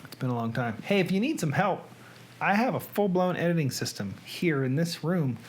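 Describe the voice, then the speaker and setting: A man's voice: fairly high pitch, very animated, normal speed. A man hosting a casual livestream from his home editing room, chatting and greeting viewers by name. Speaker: host.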